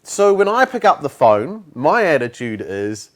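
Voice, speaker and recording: A man's voice: fairly high pitch, very animated, a little slow. A man, a sales trainer talking bluntly in an interview and acting out phone calls. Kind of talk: conversational interview.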